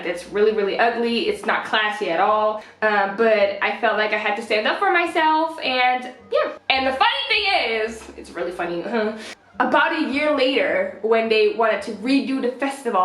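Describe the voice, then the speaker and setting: A woman in her twenties from the Netherlands, telling a story in a casual vlog and acting out the quotes. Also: fairly high pitch. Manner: animated storyteller, acts out quotes with laughs. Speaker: vlogger. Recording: roomy echo.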